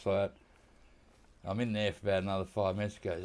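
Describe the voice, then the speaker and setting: A man's voice: lowish voice, quick pace, long pauses, darkish tone, smooth. A man with an Australian accent telling rambling, laughing stories while he plays a hunting game. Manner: rambling anecdotes with laughs and quoted dialogue. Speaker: gaming YouTuber. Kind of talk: casual storytelling while playing a hunting game.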